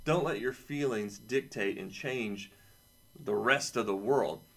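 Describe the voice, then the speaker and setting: A man's voice: fairly low pitch, takes it slowly. A man with a son, teaching a casual lesson to children with playful, jokey asides. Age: adult, has a son. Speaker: camp teacher for kids.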